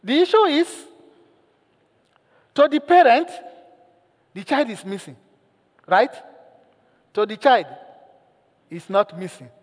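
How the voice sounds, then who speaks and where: A male pastor delivers a sermon, his voice pitched high and carrying a long hall reverb. He tells a story animatedly, acting out the lines, and keeps turning to the congregation with questions. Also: big pitch swings, slow, pauses often.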